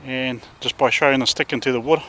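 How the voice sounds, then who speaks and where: A man with a New Zealand accent, a dog trainer chatting casually outdoors with his dogs and now and then calling loudly to one of them. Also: mid-range voice, fairly even intonation, fast talker. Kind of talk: casual outdoor vlog talk.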